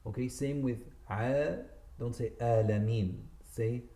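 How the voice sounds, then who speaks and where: With a warm, medium-pitched voice at an ordinary pace, this teacher guides listeners through Quran recitation. Recorded in an echoey community centre room, he corrects typical errors with patience and draws out each demonstrated word.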